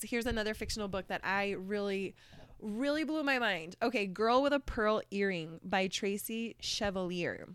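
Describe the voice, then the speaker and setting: A woman's voice: medium pitch, clear, resonant tone, dry recording, clean studio sound. A woman in casual chat recommending books, chatty and earnest, swearing casually and filling her talk with "like". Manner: earnest, emotional. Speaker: book vlogger.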